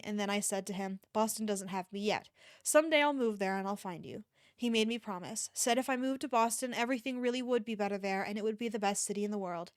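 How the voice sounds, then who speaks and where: A woman streamer reading a novel aloud in a low, quiet voice, with occasional stumbles and restarts, into a close microphone at home. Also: no room sound. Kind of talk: casual read-aloud of a novel.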